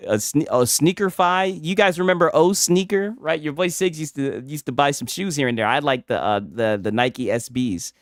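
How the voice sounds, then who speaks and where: A man's voice: mid-range voice, animated, normal speed, hardly any pauses, no echo. Male streamer, casual foul-mouthed reaction talk, mocking and laughing, dry close sound. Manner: mocking, laughs often, reads chat aloud. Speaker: streamer reacting to another creator's video. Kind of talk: casual profane reaction commentary.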